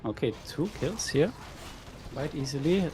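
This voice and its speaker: A man's voice: fairly high pitch, animated, a little slow, a little mellow. Male co-caster, analytical play-by-play, faint background music. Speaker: esports co-caster. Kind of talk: live game commentary.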